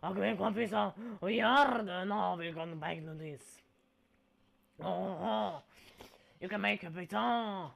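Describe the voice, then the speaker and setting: A man's voice: sits high, unhurried, vocal fry, a bit bright. A man giving casual gameplay commentary in a goofy, playful way, dropping mock-Italian exclamations.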